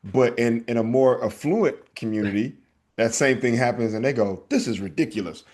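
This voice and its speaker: A man's voice: medium pitch, normal speed, a little mellow. A man co-hosting a podcast in casual banter, reacting to his partner and riffing with mock impressions. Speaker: podcast co-host. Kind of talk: casual chat.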